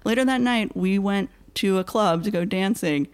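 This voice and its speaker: A woman's voice: medium pitch, moderate pace, smooth. A woman guest on a podcast, telling a funny dating story in casual chat and acting out the quotes. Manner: animated storyteller, acts out quotes. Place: Chicago area podcast studio.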